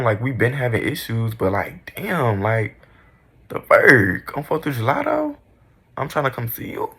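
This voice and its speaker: A man's voice: mid-range voice, very animated, unhurried, gravelly, a bit bright, breathy edge. A young man in casual storytime mode, candid, profane and dramatic about his own past. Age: young adult. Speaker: vlogger.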